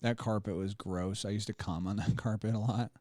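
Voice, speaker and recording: A man's voice: lowish voice, fairly even intonation, brisk, mellow, no echo, studio quality. A man co-hosting a podcast, talking in a crude, laid-back, joking way. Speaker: podcast co-host. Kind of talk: casual chat.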